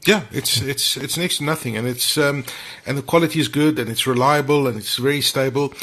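A man's voice: mid-range voice, a little fast, fairly bright tone. A man co-hosting a casual tech podcast, chatty and repeating his phrases. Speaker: podcast co-host.

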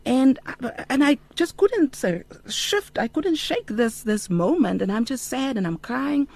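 A middle-aged woman giving a heartfelt personal testimony in an interview, earnest and unhurried with frequent ums. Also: sits high, animated, vocal fry, darkish tone, no room sound. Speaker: interview guest.

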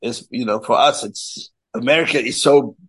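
Man, South African accent, husky voice, middle-aged, animated storytelling, interview guest. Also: mid-range voice, normal speed, low-quality recording. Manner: animated storyteller, laughs often, repeats words as he restarts. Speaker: guest singer. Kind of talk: casual chat.

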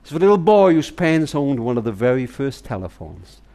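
A man's voice: mid-range voice, big pitch swings, a little fast, mellow. An older man telling a heartfelt story in a tender manner, speaking to a grandchild as darling. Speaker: speaker and author.

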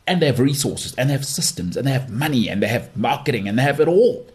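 This South African man fires off opinionated solo sports talk on his podcast, fast and expressive, in a medium-pitched, darkish voice. He's emphatic and dismissive, repeating phrases to drive his points home.

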